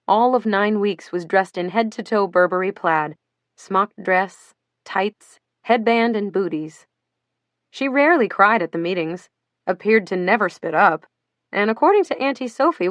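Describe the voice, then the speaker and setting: A woman reading a novel aloud as an audiobook narrator, in a steady, even storytelling manner. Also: mid-range voice, normal speed, no echo. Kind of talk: scripted narration.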